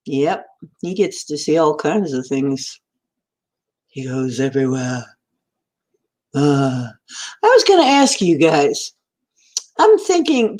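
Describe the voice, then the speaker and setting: A woman's voice: sits low, darkish tone. A woman hosting a casual live stream from home, greeting viewers by name and rambling in a giggly, stream-of-consciousness way. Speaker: livestream host.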